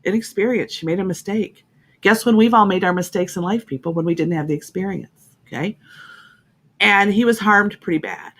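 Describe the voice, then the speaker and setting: A woman's voice: medium pitch, normal speed, fairly bright tone. A woman hosting an internet radio talk show, speaking in a heartfelt, emphatic way and often repeating herself.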